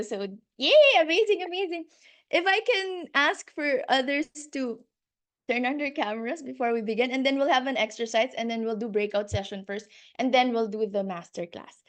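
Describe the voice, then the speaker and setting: Gushing woman coaching on a video call. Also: fairly high pitch. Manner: effusive, gushing, laughs often, repeats words. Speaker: life coach hosting a video call workshop.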